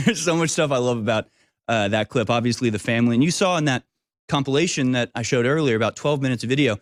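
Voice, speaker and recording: Male commentary host, middle-pitched, rambling and emphatic, with fillers; dry booth sound. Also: fast talker, no room sound. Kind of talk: opinionated talk-show monologue.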